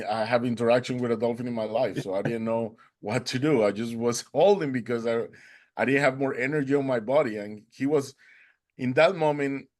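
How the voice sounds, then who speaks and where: Guest storyteller: man, Spanish native speaker, earnest, mid-pitched, non-native English phrasing. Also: a little mellow. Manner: acts out quoted dialogue in a raised voice. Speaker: interview guest.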